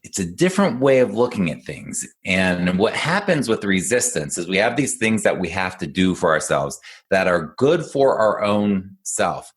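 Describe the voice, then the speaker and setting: A man with a very low voice talks through ideas as an executive function coach on a casual podcast. He explains patiently and encouragingly, and tells stories in an animated way. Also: moderate pace, few pauses.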